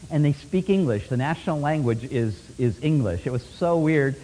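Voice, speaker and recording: A man preaching a sermon as a lively story, laughing often and swinging from loud bursts to hushed asides. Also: a little high, moderate pace. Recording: long hall reverb.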